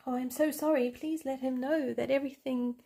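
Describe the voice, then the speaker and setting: A woman's voice: high-pitched, steady tone, fairly quick, vocal fry, dark tone. A woman voicing a lovestruck young woman in disguise, talking in a breathless, gushing way as she tells a story while coloring. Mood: eager.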